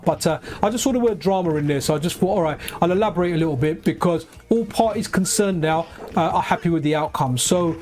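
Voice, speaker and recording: A man with a light, high voice he calls feminine, rambling casually on a live stream while he plays, often asking "right?". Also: darkish tone. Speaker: game streamer. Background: faint game music.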